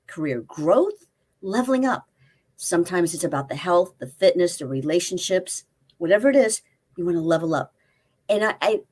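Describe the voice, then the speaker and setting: A woman in her fifties speaks in a medium-pitched, slightly mellow voice. As a life coach and interview guest, she chats casually from a spare room at a family home, telling stories and acting out quoted dialogue.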